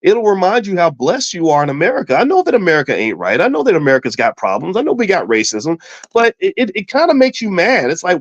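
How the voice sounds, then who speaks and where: Recorded on a close, dry mic with no room sound, this Louisville, Kentucky finance host talks money casually through stories. His voice is high and fast, his delivery animated; he repeats words, restarts and performs quotes, and the audio is dull and slightly lo-fi.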